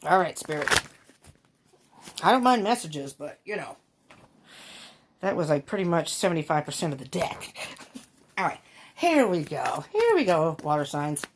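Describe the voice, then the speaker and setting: A woman's voice: sits low, sing-song, unhurried, pauses often, a little hiss or hum. A woman giving a casual tarot reading to her viewers, thinking aloud with many ums and laughing often. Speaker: tarot reader.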